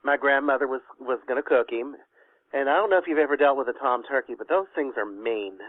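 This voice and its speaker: Over a dry, tinny phone line with no echo, a caller with a Kentucky Southern accent speaks fairly quickly in a medium-pitched voice. He's phoned a talk show and spins a rambling, folksy story.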